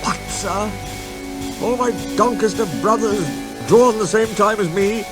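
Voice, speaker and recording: A man's voice: high-pitched, measured pace, over music, voice pushed up. A man voicing a proud, gloomy male express engine who speaks in a huffy, mournful way.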